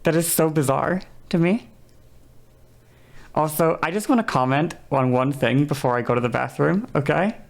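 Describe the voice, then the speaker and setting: Woman streaming, rambly and giggly, low voice, bit gravelly. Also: moderate pace. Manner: rambling, laughing, self-correcting. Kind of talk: casual livestream chat.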